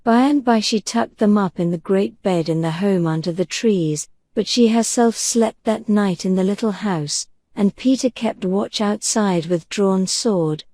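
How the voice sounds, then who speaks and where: A woman narrating a bedtime audiobook in a gentle, unhurried, soothing manner. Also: medium pitch, dry recording. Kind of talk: soft bedtime story narration.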